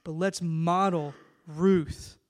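A man's voice: on the high side, fairly even intonation, extremely slow. A man pastor preaching an emphatic sermon full of rhetorical questions.

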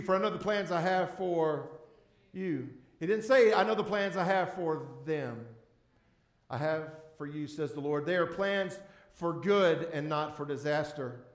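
Male pastor, sermon voice, high-pitched and emphatic, repeats key words, recorded in a reverberant sanctuary. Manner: emphatic, swings between loud and hushed. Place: church sanctuary before a congregation. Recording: echoey room.

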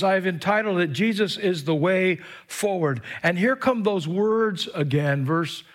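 Lively high-voiced man preaching. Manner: animated preaching with call-and-response and whoops. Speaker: pastor. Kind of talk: sermon. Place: church with live stream. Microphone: microphone.

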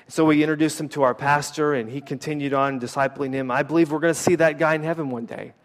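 A former missionary from the United States preaches a sermon built around a personal story, talking casually with many fillers and restarts. His voice sits on the high side, with fairly even intonation and a fairly quick pace, in the long reverb of a hall.

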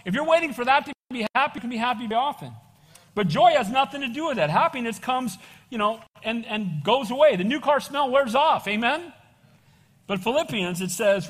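A man pastor preaching a sermon, animated and casual, calling for amens and calling people "bro". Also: extremely high pitch, fairly quick. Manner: casual slang, says "bro". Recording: long reverb of a church hall.

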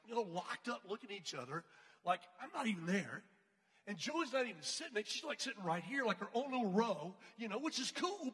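Bright-voiced storytelling man, husky. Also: very high voice. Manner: animated, acts out voices, many fillers. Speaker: speaker telling a story. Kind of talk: storytelling talk. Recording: long hall reverb.

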